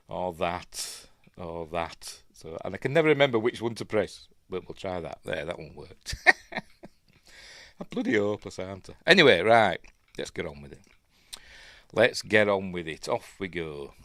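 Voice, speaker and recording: Yorkshire male host, low voice, chatty and self-mocking, casual livestream commentary. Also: a bit bright, dry recording, clean studio sound. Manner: rambling, self-deprecating and chatty. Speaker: film review host.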